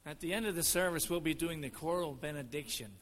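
A man leading a church service gives brisk announcements to the congregation. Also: on the high side, fairly bright tone. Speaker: worship leader.

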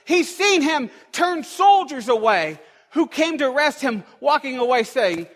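High-voiced male preacher in echoing church. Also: sing-song, a little slow, fairly bright tone. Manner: emphatic, repetitive preaching cadence. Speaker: pastor. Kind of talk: sermon. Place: church sanctuary. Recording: long echo of a large hall.

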